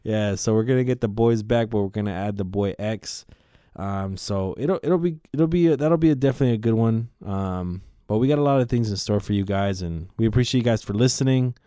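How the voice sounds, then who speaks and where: Low, mellow-voiced podcast host. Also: male voice, a little fast, clean tone, no echo, clean studio sound. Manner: rambling, profane, animated retelling. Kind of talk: casual podcast storytelling.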